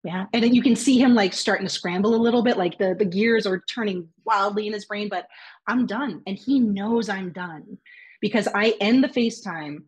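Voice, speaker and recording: A woman's voice: mid-range voice, normal speed, slightly rough. A woman telling a personal story in casual podcast chat, candid and swearing freely, acting out what others said. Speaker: podcast guest.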